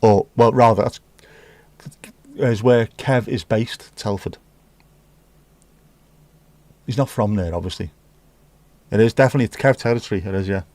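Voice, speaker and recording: A man's voice: lowish voice, normal speed, long pauses, darkish tone, no room sound. A man hosting a casual livestream, chatting cheekily with viewers and reading their messages. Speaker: livestream host reading chat. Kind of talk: casual chat. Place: home room.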